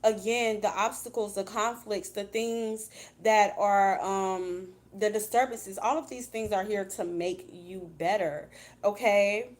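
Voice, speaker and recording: A woman's voice: medium pitch, steady tone, slow pace. A woman doing a casual tarot reading for her viewers, chatty and blunt, swearing freely and calling them "baby.". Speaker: tarot reader.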